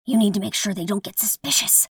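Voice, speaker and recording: A woman's voice: mid-range voice, fast, husky, no echo, studio quality, lightly acted. A woman voicing a cold young man who speaks casually while hiding deadly intent, in an audiobook. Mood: menacing. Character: cold, menacing young man plotting in secret.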